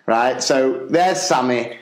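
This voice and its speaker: A podcast co-host who is a teacher casually tells a school anecdote, laughing often along the way. His mid-range voice is slow. The recording is reverberant and rough.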